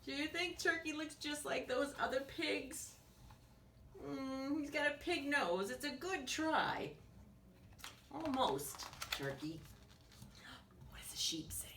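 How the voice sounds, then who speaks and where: A woman's voice: high voice, lively intonation, slow, pauses often, a bit bright. A woman teacher reading a picture book aloud to young children, asking them questions and dropping into whispers. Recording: echoey room, distant mic, faint hiss.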